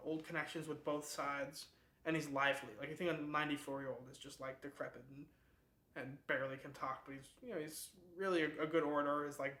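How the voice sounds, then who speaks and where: Chatty book club host, slightly high and bright, rambling, echoey room. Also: male voice. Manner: chatty, rambling, laughs at the plot. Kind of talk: casual book summary.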